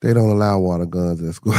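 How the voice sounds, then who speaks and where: A man's voice: fairly low pitch, mellow, no room sound. A man hosting a casual podcast live stream, reading the chat and answering viewers in loose slang. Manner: laid-back, talks back to chatters with loose slang.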